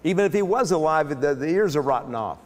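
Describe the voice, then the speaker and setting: A man giving a lecture that retells a Bible story, in a lively storytelling manner with frequent restarts. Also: fairly high pitch, fast talker, in a large hall. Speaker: speaker.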